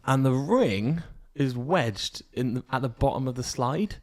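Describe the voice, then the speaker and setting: A man's voice: medium pitch, expressive, unhurried. A young man co-hosting a podcast, telling a rambling family story with acted-out quotes. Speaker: podcast co-host. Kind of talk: casual storytelling chat.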